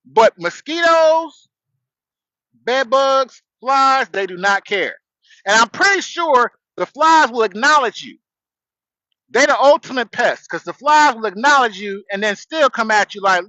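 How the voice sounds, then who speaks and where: A man's voice: extremely high pitch, lively intonation, moderate pace, pushed and bright, dry recording, lo-fi sound. A man hosting a casual livestream from his truck on a headset, rambling in a laid-back way and greeting viewers. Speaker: livestream host. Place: outdoors, in a truck.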